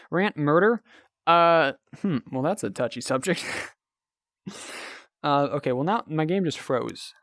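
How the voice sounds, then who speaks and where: A man's voice: on the high side, lively intonation, takes it slowly, pauses often, fairly bright tone, no room sound. A young man livestreaming a game, tired after many hours and wryly joking with his viewers. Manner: wry, self-mocking, chatting to viewers while playing. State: tired from a very long stream. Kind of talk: casual livestream gaming commentary. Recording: game music playing behind.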